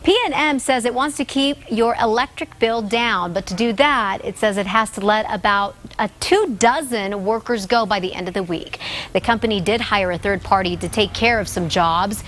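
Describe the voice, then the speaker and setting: A woman news anchor reading local morning headlines in a steady, clear newsreader delivery. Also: medium pitch, normal speed, a little hiss or hum.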